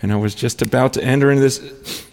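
A man's voice: mid-range voice, fairly even intonation, fast talker, gravelly, darkish tone. Stammering man preaching in a reverberant hall. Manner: storytelling with repeated restarts and stammered words. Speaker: pastor. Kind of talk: sermon.

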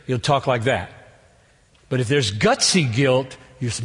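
A man preaching an expository sermon, earnest, building to emphatic peaks and then dropping low. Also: lively intonation, a little slow, fairly bright tone, slightly rough, in a large hall. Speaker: pastor.

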